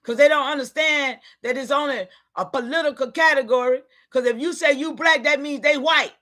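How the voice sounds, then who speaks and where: A woman giving an impassioned, preachy livestream talk, calling out to her listeners and sometimes shouting in frustration. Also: sits high, normal speed. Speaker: online community leader.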